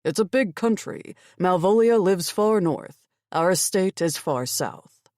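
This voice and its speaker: A woman's voice: fairly low pitch, expressive, measured pace, darkish tone, no room sound, voice pushed up. Cold fae warrior man, clipped, arrogant, dry studio read, woman doing him. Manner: curt, clipped, icy. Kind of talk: audiobook character voice.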